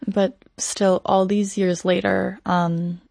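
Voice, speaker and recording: A woman interviewer who asks gentle, encouraging questions. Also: medium pitch, flat delivery, takes it slowly, creaky, no room sound, clean studio sound. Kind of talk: conversational interview.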